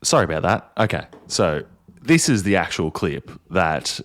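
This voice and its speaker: A man hosting a casual reaction video, laughing and relaxed, tossing in "dude". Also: sits low, normal speed, no room sound. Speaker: host.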